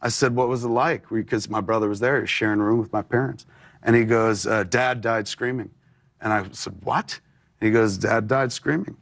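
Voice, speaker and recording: Low-voiced man telling a personal story. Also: fairly even intonation, quick pace. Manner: candid, rambling, filler-heavy storytelling. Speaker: interview guest. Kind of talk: personal storytelling in a talk show interview.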